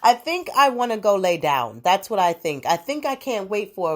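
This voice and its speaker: A woman's voice: medium pitch, sing-song, normal speed, hardly any pauses. A young adult woman hosting her own podcast, chatting casually in a rambling, profane way with frequent laughs. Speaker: podcast host. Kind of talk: casual solo podcast chat.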